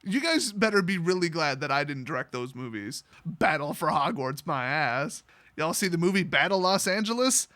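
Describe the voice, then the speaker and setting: A man's voice: on the high side, lively intonation, normal speed, bright, forceful tone. A man mockingly recapping a fantasy story, with crude, sarcastic jokes. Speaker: host.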